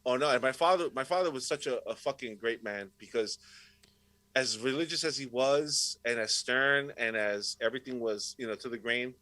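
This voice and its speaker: A man's voice: medium pitch, normal speed, dry recording, poor audio. A man guesting on a podcast, telling stories in casual chat with constant swearing. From Puerto Rico heritage, raised in Rhode Island area. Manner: swears constantly, animated storytelling.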